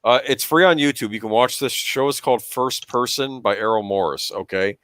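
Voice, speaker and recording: A man's voice: mid-range voice, moderate pace, fairly bright tone, no echo. A man in casual podcast chat who talks in a reassuring way, often checking in with the listener. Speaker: podcast host.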